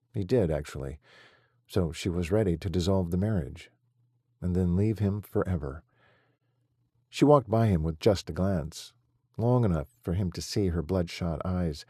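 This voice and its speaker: A man narrating an audiobook in a measured, steady storytelling manner. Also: low-pitched, slightly rough, dry recording, studio quality.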